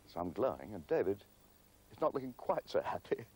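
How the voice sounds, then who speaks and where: A man's voice: lowish voice, expressive, fast talker, darkish tone, husky. A man telling a wry anecdote and acting out the quoted lines.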